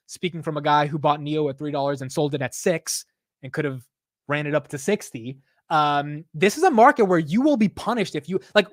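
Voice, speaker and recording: A man hosting a live stock market stream, talking excitedly and profanely straight to his chat. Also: fairly high pitch, no echo, studio quality. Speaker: stock market livestream host. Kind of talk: casual live market commentary.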